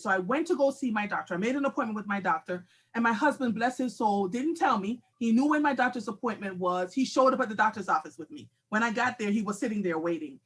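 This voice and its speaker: A woman in her forties hosting a live talk show, telling a candid, animated personal story with frequent laughter. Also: fairly high pitch, a little fast, slightly rough. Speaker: host.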